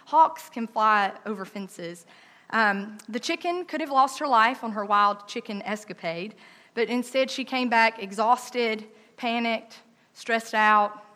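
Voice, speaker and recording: A woman telling a personal story in a lively, conversational way, with frequent "um" and "like". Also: fairly high pitch.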